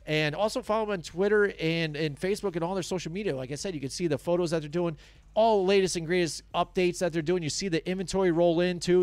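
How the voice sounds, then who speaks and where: A man's voice: high-pitched, quick pace, a little mellow, smooth, no room sound. A man co-hosting a casual sports talk show, rambling energetically through a sponsor read with lots of fillers. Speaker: sports podcast co-host.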